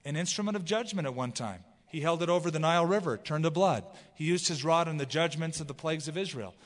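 A man's voice: a little high, fast. A man preaching a sermon, teaching through the Bible and reading scripture aloud with expression. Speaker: pastor. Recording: long hall reverb.

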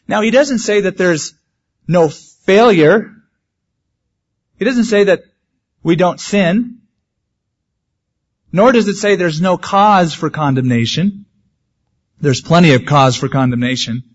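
A man's voice: high-pitched, slow, pauses often. A male pastor preaching a sermon in a conversational way, with humorous asides. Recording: dull lo-fi sermon recording.

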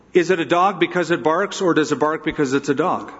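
A man's voice: on the high side, a little fast, a bit bright, in a large hall, highs cut off. A pastor giving an emphatic, conversational expository sermon, asking his listeners rhetorical questions.

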